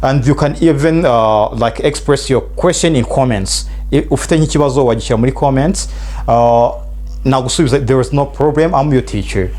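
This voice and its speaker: A man's voice: mid-range voice, brisk, a little mellow. A man with a Rwandan accent teaching an English lesson, switching between two languages and repeating phrases for students to drill.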